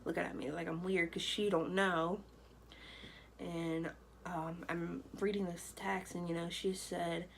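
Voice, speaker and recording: Young woman, casual vlog storyteller, slightly low voice, chatty and rambling. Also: level tone, measured pace, gravelly, a little hiss or hum, low-quality recording. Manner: chatty, loose, full of "you know" and "like". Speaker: vlogger. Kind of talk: personal storytelling to camera.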